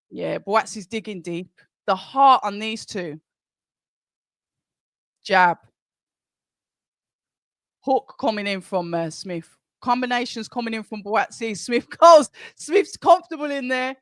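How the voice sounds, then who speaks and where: Excitable man calling a fight. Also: extremely high pitch, dry recording, studio quality. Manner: excitable, calls punches quickly, chats with the viewers. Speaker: host of a live watch-along. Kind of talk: live fight commentary and chat.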